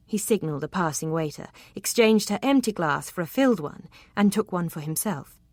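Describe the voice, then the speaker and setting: A woman narrating a romance novel, with an expressive, even reading. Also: lowish voice, brisk, no room sound. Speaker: audiobook narrator.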